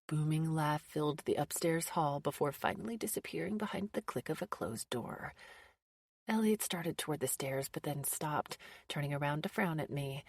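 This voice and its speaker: A woman narrating a first-person audiobook in a measured, intimate storytelling voice. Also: low voice, slightly rough, dry recording, studio quality.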